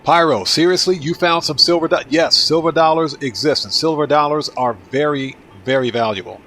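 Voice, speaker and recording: A man's voice: on the high side, moderate pace, a bit bright, slight background noise. Chatty Northeastern American man streaming. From Baltimore, Maryland, USA. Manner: chatty, answers viewers' chat with frequent restarts. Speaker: livestream gaming host. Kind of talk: casual livestream chat.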